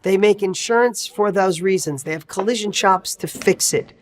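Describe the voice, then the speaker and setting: A man's voice: high-pitched, normal speed. Male success coach, motivational talk, punchy and emphatic, leans on rhetorical questions.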